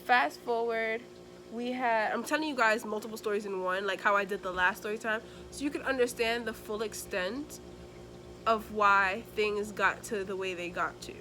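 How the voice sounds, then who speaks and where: A young woman vlogger chatting casually through a storytime as she does her makeup, lively and expressive, acting out the people in her story. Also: mid-range voice, moderate pace. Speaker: beauty vlogger.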